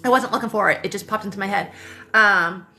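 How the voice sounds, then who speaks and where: A woman's voice: mid-range voice, a little fast, sharp tone. A woman in her thirties hosting a casual livestream, telling a personal story in a rambling way, full of fillers and self-corrections, with casual swearing. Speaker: spiritual livestream host. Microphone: phone livestream.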